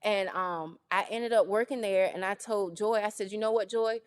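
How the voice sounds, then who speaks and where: A woman from North Carolina, a guest in a casual interview, telling her story with lively, acted-out quotes. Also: medium pitch, moderate pace, clean tone. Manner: animated, acts out quoted voices. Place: studio on location.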